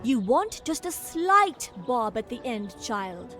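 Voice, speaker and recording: Prim etiquette-obsessed noblewoman in a game, high and slow, lively pitch. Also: full character voice. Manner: prim, fussy, corrective. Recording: game audio with music behind.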